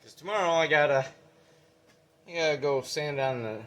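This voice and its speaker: A man's voice: fairly high pitch, moderate pace, a bit bright. A man filming a casual vlog update, out of breath and talking in a folksy, rambling way. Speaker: vlogger.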